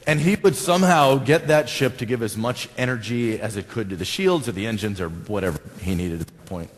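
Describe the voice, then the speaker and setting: A man's voice: medium pitch, animated, brisk, few pauses, fairly bright tone. A male pastor with an American accent, preaching a conversational sermon and putting questions to his congregation. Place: church sanctuary. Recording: long church reverb.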